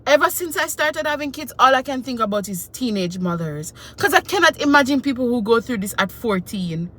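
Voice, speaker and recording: A woman, telling a personal story in a casual, animated and emotional way. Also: fairly high pitch, brisk. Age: 20s. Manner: animated, emotional retelling with quoted voices. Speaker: vlogger.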